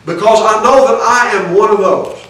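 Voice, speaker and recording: A man's voice: high voice, normal speed, a bit bright. A pastor preaching a sermon in a church, earnest and restarting phrases as he builds each point. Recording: echoey hall, voice from far off the mic.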